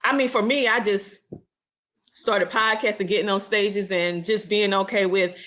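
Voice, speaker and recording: A woman's voice: mid-range voice, fairly even intonation, a little slow, a bit bright. A woman with a Southern US twang hosting a podcast, chatting casually and laughing easily. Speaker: podcast host. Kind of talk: casual interview chat.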